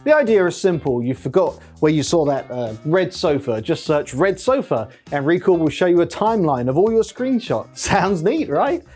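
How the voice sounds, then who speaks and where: A man's voice: on the high side, big pitch swings, moderate pace, hardly any pauses, a little mellow, soft background music. A man hosting a satirical comedy tech news show, talking sarcastically and mocking his subject. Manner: sarcastic, mocking, with many put-on silly voices.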